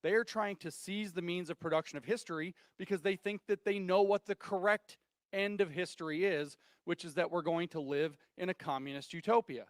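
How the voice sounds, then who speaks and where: A man's voice: high-pitched, steady tone, a little fast, no echo, clean studio sound. A man giving a public talk, driving points home with rhetorical questions. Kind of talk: public lecture.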